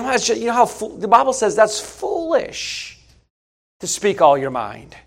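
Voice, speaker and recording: A man's voice: high voice, huge pitch swings, normal speed, gravelly, a bit bright. A man preaching a sermon in a folksy, emphatic way, asking the congregation rhetorical questions.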